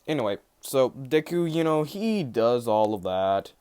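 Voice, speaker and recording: A man's voice: mid-range voice, lively intonation, unhurried, darkish tone, clear, resonant tone, no room sound. A young man rambling through a casual retelling of a story, with lots of fillers and asides. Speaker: channel host.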